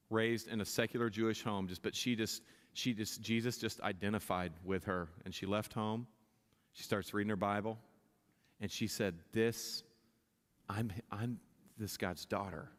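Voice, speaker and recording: Man preaching in an echoing church. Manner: impassioned, rising in pitch and volume at climaxes, many restarts. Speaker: pastor. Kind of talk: sermon. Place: church sanctuary. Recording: long reverb of a church hall.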